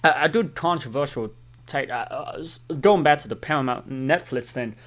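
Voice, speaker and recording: A man's voice: medium pitch, moderate pace, fairly bright tone. A young man co-hosting a satirical comedy podcast, rambling and stumbling over restarts as an opinionated film bro. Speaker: podcast co-host.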